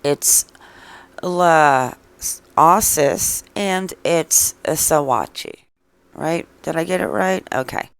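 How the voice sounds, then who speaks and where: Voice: medium pitch, lively intonation, measured pace, creaky, clear, resonant tone, no echo. A true crime vlog host reading out viewer comments in casual chat, with blunt, sarcastic replies. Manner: opinionated, chatty.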